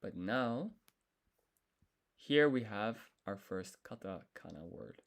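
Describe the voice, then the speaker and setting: A man with a lowish voice talks slowly through a solo study session on a live stream. He sounds out syllables one by one, pauses often, and corrects himself as he goes, close to a desk mic. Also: lively intonation, gravelly. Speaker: language learner streaming his study.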